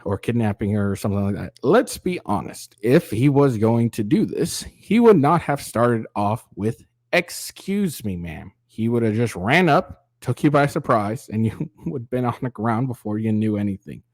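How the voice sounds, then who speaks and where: A man hosts a reaction commentary, sarcastic and profane. He often mimics other people's voices. His voice sits at a middle pitch and sounds dry and close, with no room echo. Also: animated, normal speed, few pauses, a little mellow. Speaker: commentary channel host.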